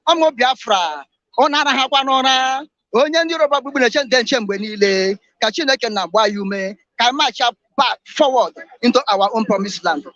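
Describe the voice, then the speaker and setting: A man's voice: very high-pitched, animated, a little fast, bright, forceful tone, no room sound, muffled recording. A man calling in who mixes speech with chanted slogans.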